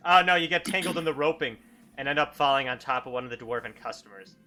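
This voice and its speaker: A man's voice: medium pitch, bright, forceful tone, soft background music. A man running an improvised tabletop game as dungeon master, narrating loosely and calling for rolls. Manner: quick, loose, calls for rolls.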